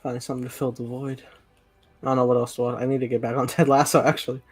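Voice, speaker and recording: Male podcast host, mid-pitched, easygoing, jokey, casual profanity. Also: little pitch movement, very fast, breathy edge. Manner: laid-back, jokey, swears freely. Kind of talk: casual chat.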